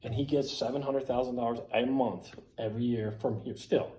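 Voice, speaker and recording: A man's voice: mid-range voice, a little fast, roomy sound, slight background noise, poor audio. A man telling a story casually and with energy, cursing freely and acting out the lines of the people in it. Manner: animated, profane, acts out quotes loudly. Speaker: storyteller at a skate event.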